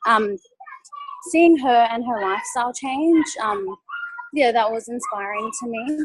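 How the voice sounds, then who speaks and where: A woman's voice: a little high, a little slow, background noise. A young woman giving a nervous testimonial over a video call, hesitant and full of ums and likes. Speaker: guest speaker.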